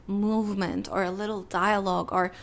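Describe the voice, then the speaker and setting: A young adult woman talks through on-set advice in a relaxed podcast style, lively and chatty, now and then slipping into acted-out lines. Her mid-range voice carries a gravelly fry at the ends of phrases. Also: medium pitch, moderate pace. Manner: chatty, animated, acts out little quoted exchanges. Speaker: podcast host and filmmaker. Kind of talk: casual advice podcast talk.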